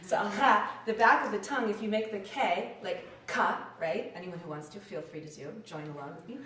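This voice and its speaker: Animated woman lecturing in an echoey room. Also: mid-range voice, quick pace, distant mic. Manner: animated, demonstrates sounds aloud. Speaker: acting professor and dialect coach. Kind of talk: lecture talk. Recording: echoey room, picked up from afar.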